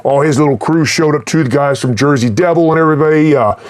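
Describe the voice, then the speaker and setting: A man's voice: fairly high pitch, fast. Male musician, casual tour recap, rambling, heavy swearing, lots of fillers. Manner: rambling, profane, with many fillers. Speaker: black metal musician.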